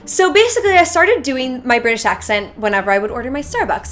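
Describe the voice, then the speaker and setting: A woman's voice: fairly high pitch, animated, fast, hardly any pauses, fairly bright tone, soft background music. A young woman telling a casual storytime to her channel from her bedroom, chatty and full of "like". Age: young adult. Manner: chatty, filler-heavy, lots of "like". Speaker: YouTuber.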